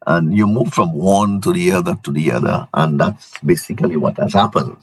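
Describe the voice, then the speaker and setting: A man from Saint Lucia, a business owner, telling his story as a guest in relaxed, halting speech. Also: sits low, breathy edge, dry recording, low-quality recording. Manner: relaxed storytelling, many restarts. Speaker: guest entrepreneur. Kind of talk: interview answers.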